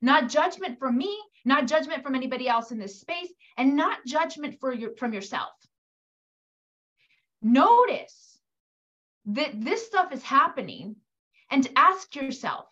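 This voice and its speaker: A high-pitched woman coaching an audience of mothers at a measured, unhurried pace. She speaks to the listeners directly and lively acts out the voices of parents and children. The recording sounds slightly dull and muffled. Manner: animated, acts out quoted voices. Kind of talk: coaching talk.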